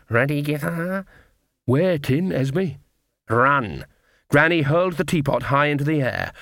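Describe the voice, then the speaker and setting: An audiobook is narrated from a script by a man with a mid-range voice, steady and even in his storytelling. The recording is studio quality with no room sound.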